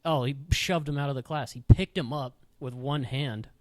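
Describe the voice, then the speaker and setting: A man's voice: medium pitch, normal speed, a little mellow, no room sound. A young man hosting a podcast, telling school stories in a rambling, profane, filler-heavy way in a studio. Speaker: podcast host. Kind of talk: casual storytelling.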